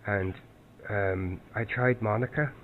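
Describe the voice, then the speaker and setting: Low-voiced man, halting, over a phone line. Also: fairly even intonation. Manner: halting, with many restarts and repeated words. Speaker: caller seeking help. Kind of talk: recounting events on a phone call. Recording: tinny phone line with faint noise.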